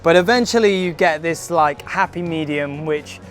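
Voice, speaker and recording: A man's voice: on the high side, moderate pace, over music. A young British man, a stage actor, explaining his craft thoughtfully in a casual interview. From Britain.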